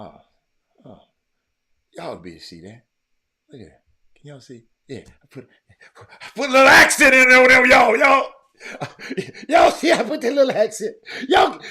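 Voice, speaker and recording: A man hosting a casual live stream, rambling, repeating himself and reading viewer comments aloud. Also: low voice.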